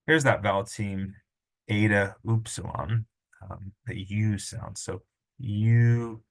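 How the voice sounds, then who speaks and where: A man's voice: lowish voice, fairly even intonation, unhurried, creaky, a bit bright. A middle-aged man teaching a language lesson, patiently sounding out syllables and correcting himself as he goes. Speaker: Greek teacher. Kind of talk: screen-recorded lesson.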